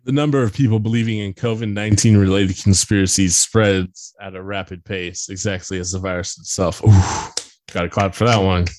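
A man with a fairly low voice reads an article aloud on a podcast. He keeps breaking off with dry, sarcastic, profane asides. The sound is dry and close. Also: fairly even intonation, fairly quick, a little mellow, dry recording. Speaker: podcast host. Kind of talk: casual podcast banter reading an article aloud.

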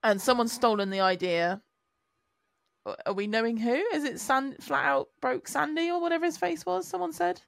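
Gravelly woman chatting on a podcast. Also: high-pitched, no echo. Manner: chatty, quick to joke and swear. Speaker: podcast co-host. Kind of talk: casual chat.

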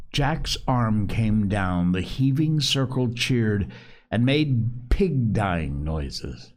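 A man narrating a novel aloud with a dramatic, expressive reading. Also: husky. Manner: dramatic, expressive reading with big pitch swings. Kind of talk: audiobook narration.

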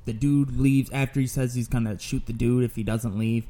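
A man hosting a podcast, telling a story in casual talk that is animated, profane and rambling. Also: medium pitch, moderate pace. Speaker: podcast host.

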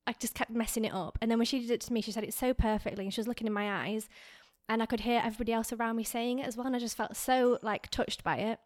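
A woman's voice: fairly high pitch, fairly even intonation, fast talker, few pauses. A woman co-hosting a podcast, talking through an emotional story with lots of "like" and close to tears. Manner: tearful, filler-heavy storytelling. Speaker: podcast co-host.

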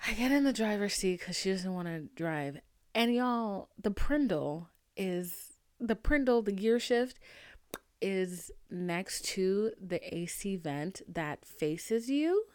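Profane, animated woman telling a story. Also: mid-range voice, slow, clean tone, no echo, clean studio sound. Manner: animated, profane and emphatic, with frequent rhetorical "okay?". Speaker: podcast host. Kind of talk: casual storytelling monologue.

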